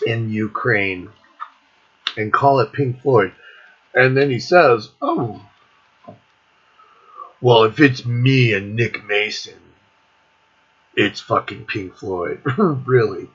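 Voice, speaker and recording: A man's voice: mid-range voice, bright, forceful tone, slightly rough. A middle-aged man on his own video channel, ranting casually with constant swearing and irritation. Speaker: music vlogger. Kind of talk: profane casual rant. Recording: dull lo-fi recording.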